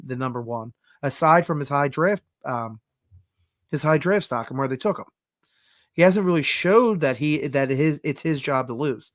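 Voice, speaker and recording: Over a video call, this male podcast co-host with a slightly high voice argues his points emphatically in a heated, casual sports chat. He swears often, and the recording is dry and studio quality.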